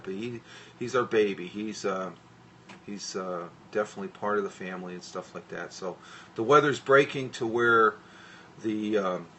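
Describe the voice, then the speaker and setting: A man's voice: lowish voice, pushed and bright, a little hiss or hum. A middle-aged man from the northeastern US chatting casually on a live stream from his home computer desk, rambling with lots of fillers and restarts. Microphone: tablet microphone.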